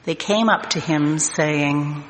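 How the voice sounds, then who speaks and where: A man reading scripture aloud as narration, slow and deliberate. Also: fairly high pitch, a bit bright. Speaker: scripture reader. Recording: echoey hall, long reverb, faint noise.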